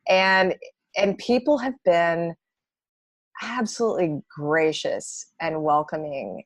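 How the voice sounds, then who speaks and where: A woman with a somewhat low voice talks with enthusiasm as a guest in a relaxed interview. The recording is dry and close-miked. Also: slow pace, dry recording. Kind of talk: casual interview chat.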